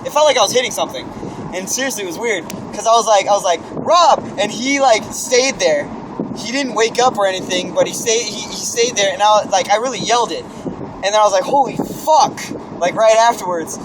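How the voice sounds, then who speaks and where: High-voiced young man telling a story. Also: fast talker, noisy background. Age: young adult. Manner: animated storytelling, swearing, acting out his own yells. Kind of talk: casual chat.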